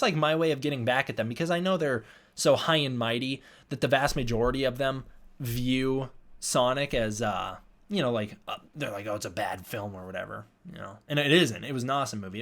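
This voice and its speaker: A man's voice: mid-range voice, a bit bright. Young male streamer, tired, rambling casual chat with viewers. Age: young adult. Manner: rambling, reads and answers chat. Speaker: livestream host.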